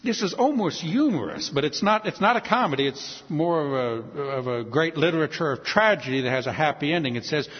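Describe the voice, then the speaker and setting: Animated preacher man in an echoey hall. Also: on the high side, a little fast, hardly any pauses. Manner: emphatic, rhetorical questions, dramatic swings in loudness. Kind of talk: sermon. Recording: dull, echoey hall sound.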